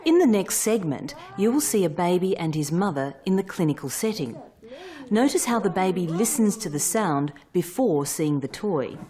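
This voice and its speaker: A woman calmly reading scripted instructional narration for parents. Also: lowish voice, normal speed. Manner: calm, instructive. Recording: voice-over with faint music behind.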